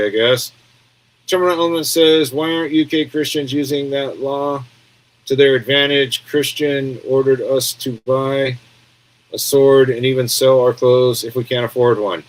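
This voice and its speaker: An American man in a casual home live stream, riffing on the news with a rambling, sarcastic edge. His voice sits at an ordinary middle pitch, and he often stops to read out viewer comments. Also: a bit bright, low-quality recording. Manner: rambling, sarcastic, reads chat comments aloud.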